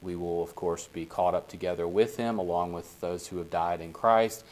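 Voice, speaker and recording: A man with a lowish voice leads a casual Bible study for a small group. He talks in an easy, conversational way and keeps asking the group whether they follow. His tone stays relaxed and unhurried. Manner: conversational, often checks in with the group.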